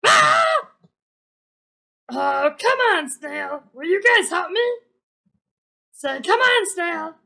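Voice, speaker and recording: Frog puppet: high, bright, gravelly, slow and eager, voiced by a woman. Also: animated, exaggerated voice. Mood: eager, friendly. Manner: eager, chatty, asks kids for help. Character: friendly, curious frog puppet who croaks. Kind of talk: children's puppet show.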